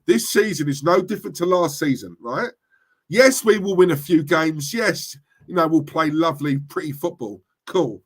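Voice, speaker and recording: A man who hosts a football fan channel, ranting on a livestream and reading chat comments, forceful and impassioned, often checking in with "right?". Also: fairly high pitch, normal speed, breathy edge. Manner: impassioned, repeats "right?" to the audience.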